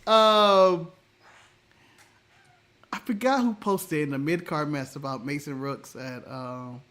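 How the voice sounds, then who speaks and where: A man's voice: on the high side, slow, fairly bright tone. An American man co-hosting a casual wrestling review chat, blunt and often laughing as he talks. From United States. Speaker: co-host.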